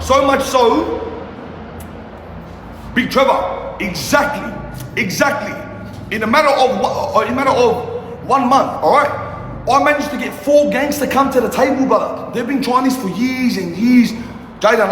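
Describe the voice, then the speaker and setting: A man's voice: very high voice, a bit bright. A young man, a youth mentor, ranting on a casual livestream in a passionate, profane and repetitive way. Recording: echoey room with long reverb, faint noise.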